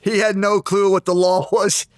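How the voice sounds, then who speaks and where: A man being interviewed, retelling an old grudge in an intense, animated way with many restarts. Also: sits high, normal speed, dry recording, clean studio sound. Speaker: interview guest, former fighter. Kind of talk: storytelling in a sit-down interview.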